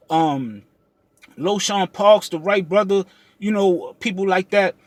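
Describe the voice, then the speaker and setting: A man's voice: sits high, no room sound. A young man from the United States, a trucking vlogger, speaking in a heated, confrontational unscripted rant, with frequent restarts and repeated check-ins with the listener. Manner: heated and confrontational, many restarts and repeated "you understand what I'm saying".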